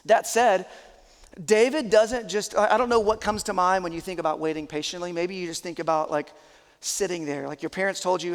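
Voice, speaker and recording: Man, pastor, high voice, earnest conversational sermon, long church hall reverb. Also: fairly even intonation, fairly quick. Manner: conversational, earnest, emphatic preaching.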